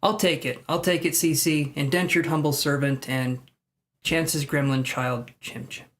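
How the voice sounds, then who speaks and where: A man's voice: fairly high pitch, steady tone, a little slow, a bit bright, a little hiss or hum. Chatty man doing live tarot readings. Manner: rambling, self-mocking, thinks aloud. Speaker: tarot reader.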